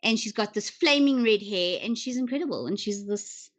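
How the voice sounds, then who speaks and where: A woman's voice: medium pitch, animated. Chatty woman hosting with many ums. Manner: chatty, many ums, quick question-asking. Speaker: interview host. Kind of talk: casual chatty interview.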